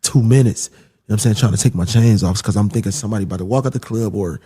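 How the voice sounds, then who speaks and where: A young man casually telling a story, animated and swearing, acting out the voices of the people in it. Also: on the low side, fast talker, husky.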